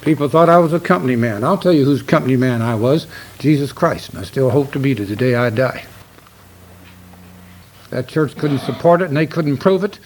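An older man preaching a sermon, stern and emphatic, slowing down to read scripture aloud. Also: medium pitch, lively intonation, breathy edge, poor audio.

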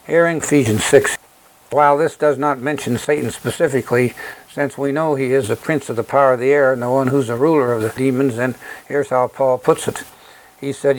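A man preaching a sermon, reading from scripture and explaining it in an earnest, deliberate way, stressing key words. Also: medium pitch, fairly even intonation, low-quality recording.

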